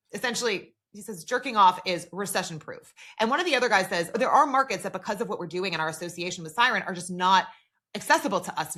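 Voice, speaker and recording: A woman co-hosting a podcast, recapping a TV episode in casual chat and acting out the characters' lines. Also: medium pitch. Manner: animated, recounts dialogue in quoted voices. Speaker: podcast co-host.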